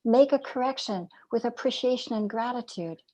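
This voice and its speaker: Giving a reflective dharma talk, this meditation teacher speaks in a fairly high-pitched voice. Her manner is gentle and measured; she asks rhetorical questions, and certain phrases drop to nearly a whisper.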